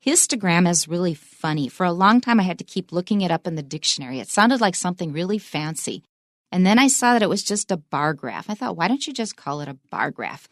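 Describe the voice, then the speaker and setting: A woman's voice: fairly low pitch, animated, quick pace, dry recording, studio quality. A woman co-hosting an English lesson, explaining word stress and mixing English with Mandarin. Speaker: co-host English teacher. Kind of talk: bilingual radio English lesson.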